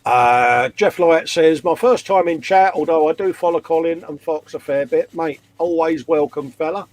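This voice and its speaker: A man's voice: fairly high pitch, moderate pace, darkish tone. A man hosting a live model-building stream, joking and reading out viewer comments in casual banter. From England. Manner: jokey, reads viewer comments aloud.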